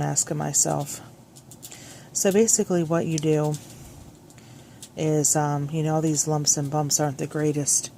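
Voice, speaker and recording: Crafting vlogger, woman, low pitch, rambling and self-correcting, phone mic with faint hiss. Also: warm tone. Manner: chatty, scattered, self-correcting. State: a little out of breath at the start. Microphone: phone clipped on, hands-free.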